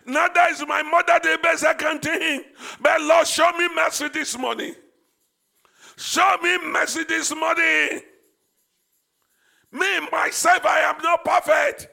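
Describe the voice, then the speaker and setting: A man, a pastor leading a sermon, shouting fervent prayers and repeating phrases. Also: very high-pitched, fairly even intonation, unhurried, vocal fry. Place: church service.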